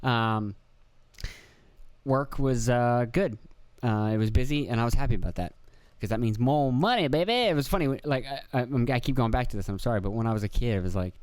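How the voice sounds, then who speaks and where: A man's voice: mid-range voice, brisk, darkish tone, no echo. Rambling, foul-mouthed podcast man, dry sound. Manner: rambling, profane, self-deprecating, acts out quotes. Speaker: podcast host. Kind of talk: casual solo podcast monologue. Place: indoor room with video camera.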